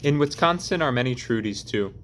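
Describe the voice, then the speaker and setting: A man voicing a stolid, middle-aged German-American carpenter with a German accent who talks calmly and bluntly in broken English. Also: medium pitch, fairly quick, slight background noise, close to an everyday voice. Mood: placid. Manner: calm, blunt, broken grammar.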